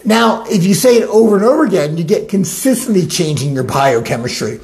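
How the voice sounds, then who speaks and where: A life coach giving a motivational talk, animated and acting out the inner voices of listeners. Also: medium pitch, a little fast, vocal fry.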